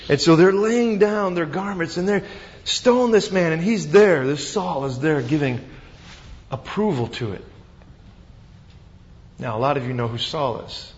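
A man preaching a sermon as pastor, retelling the scene with animated, dramatic storytelling. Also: on the high side. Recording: dull sound with long reverb.

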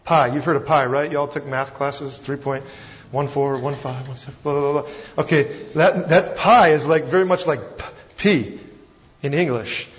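Texan pastor guy teaching scripture, kinda high voice, chatty and folksy, dull echoey church recording. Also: fairly even intonation, normal speed. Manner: folksy, self-deprecating, conversational with fillers. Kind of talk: Bible teaching sermon. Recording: dull recording with long hall reverb.

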